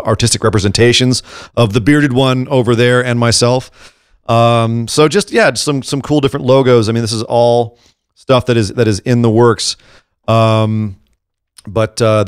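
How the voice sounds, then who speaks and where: A man's voice: lowish voice, clean tone, dry recording, studio quality. A man co-hosting a podcast in a casual live chat, joking and rambling with lots of fillers. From Scottish heritage. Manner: jokey, rambling, full of fillers. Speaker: podcast co-host.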